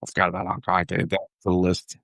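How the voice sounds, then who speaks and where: A middle-aged retired detective telling travel stories in a laid-back, self-deprecating way. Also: male voice, low-pitched, monotone, rapid-fire, gravelly, a bit bright, dry recording, clean studio sound. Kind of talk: casual storytelling. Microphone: video call from home.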